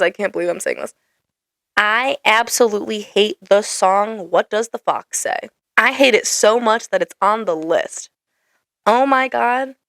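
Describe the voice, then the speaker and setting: A woman's voice: mid-range voice, a bit bright, clean tone, no room sound, clean studio sound. A young woman hosting a casual ranting monologue, exasperated and full of "like" fillers. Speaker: podcast host.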